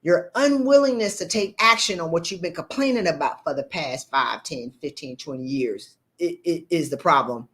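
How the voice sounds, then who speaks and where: A woman coach, talking bluntly to viewers on a live stream and preaching at them with animated energy. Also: low-pitched, moderate pace, few pauses. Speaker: leadership coach. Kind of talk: live-stream motivational talk.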